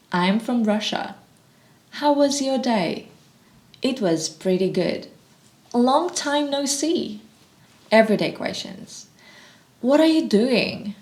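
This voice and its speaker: Slow, careful woman teaching in an echoey room. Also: mid-range voice, a little mellow. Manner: slow, deliberate reading of practice phrases. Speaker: English teacher. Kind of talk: scripted language lesson.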